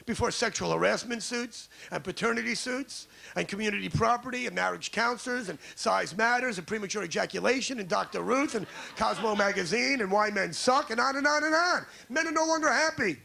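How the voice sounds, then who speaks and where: A man's voice: sits high, a little fast, gravelly, few pauses, sharp tone. A man in his forties from New York doing a brash, ranting stand-up set in a comedy club, baiting the crowd. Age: 40s. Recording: live club recording with audience noise.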